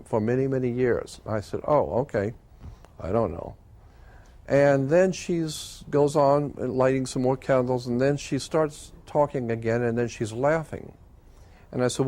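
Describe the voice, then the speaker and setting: An older man telling a personal story as an interview guest, earnest and halting, with frequent fillers and restarts. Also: mid-range voice, warm tone.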